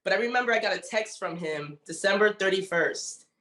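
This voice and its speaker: A woman's voice: mid-range voice, brisk, a bit bright, echoey room. A woman giving a heartfelt, motivational testimony as a network marketing leader, emotional and leaning often on "you know.".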